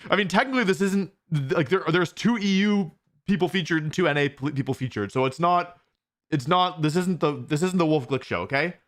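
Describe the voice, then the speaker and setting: Chatty young male streamer, fairly high voice. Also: brisk, a bit bright. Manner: chatty, reads viewer questions aloud and answers them, frequent restarts. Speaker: streamer hosting a watch party. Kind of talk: casual live-stream chat.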